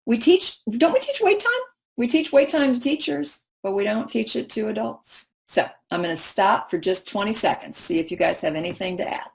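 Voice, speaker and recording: Woman workshop presenter, animated, question-driven delivery to a live audience. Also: a little high, normal speed, vocal fry. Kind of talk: professional development workshop talk.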